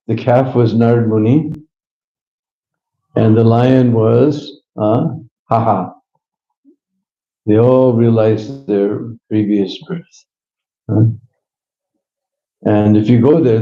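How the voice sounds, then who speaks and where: Mellow-voiced man telling a devotional story. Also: fairly low pitch. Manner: chatty, with chuckles and "hmm?" asides. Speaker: devotional speaker. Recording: roomy, slightly dull live recording.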